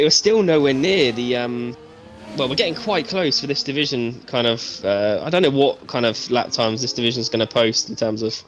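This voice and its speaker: A man calls a live sim racing qualifying session in a relaxed, chatty way, often pausing on fillers before lifting his energy at the finish line. His voice sits mid-range, with a faint hiss of noise behind it. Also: mid-range voice. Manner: casual, hesitant fillers, builds excitement on finishes. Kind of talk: live esports commentary.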